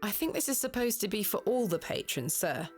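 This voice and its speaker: An actress doing a prim archaeologist, formal and composed, game dialogue with music. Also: female voice, medium pitch, sing-song, brisk, lightly acted.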